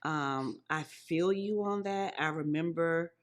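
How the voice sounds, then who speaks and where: A woman podcast host speaking in a measured, affirming way. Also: low voice. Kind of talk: reflective encouraging talk.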